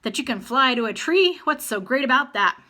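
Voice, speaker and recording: Grumpy, no-nonsense storybook grandma, bright and lively delivery, as a woman puts her on. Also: sits high. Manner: brisk, commanding, dry. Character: brisk, grumpy practical grandmother.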